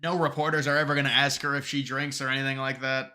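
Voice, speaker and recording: Bright-voiced man chatting on a live stream. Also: medium pitch, little pitch movement, quick pace. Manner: rambling, restarts sentences, reads chat aloud. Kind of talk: casual live-stream chat with viewers.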